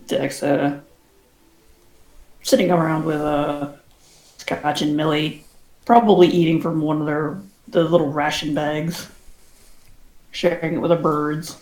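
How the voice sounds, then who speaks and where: A woman's voice: deep voice, steady tone, a little slow, pauses often, a little mellow. Joking woman player in a roomy space. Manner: playful, joking. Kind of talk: casual tabletop play. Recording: roomy echo.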